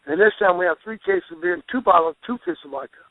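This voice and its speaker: Man, high-pitched, rambling animated storyteller, tinny dry phone line. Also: fast, gravelly, no room sound. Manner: rambling, animated storyteller with restarts and folksy exclamations. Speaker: guest, professional wrestler. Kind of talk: storytelling interview.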